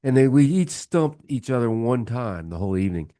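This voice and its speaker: A man's voice: medium pitch, very animated, fairly quick, warm tone, no room sound, clean studio sound. A man on a radio show as a guest beer reviewer, chatting casually and rambling through jokes. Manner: rambling storyteller who acts out the voices in jokes. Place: radio studio. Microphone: studio mic.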